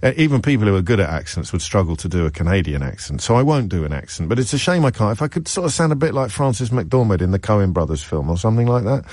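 A man's voice: fairly low pitch, big pitch swings, fast talker, hardly any pauses, darkish tone, no room sound, studio quality. A man hosting a radio phone-in, chatty and wry, with lots of restarts. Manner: chatty, wry, self-deprecating, many restarts.

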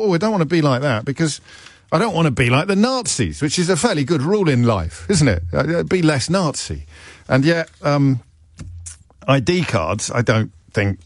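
A man's voice: mid-range voice, no echo, studio quality. A man hosting a radio phone-in, talking in a chatty, wry way with self-amused asides. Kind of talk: talk radio monologue.

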